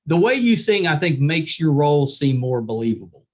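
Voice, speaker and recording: A man hosting a podcast interview, friendly and quick to laugh, nodding along with short replies. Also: fairly high pitch, sing-song. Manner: friendly, laughs often, fills with yeah. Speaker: podcast host. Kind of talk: casual interview chat.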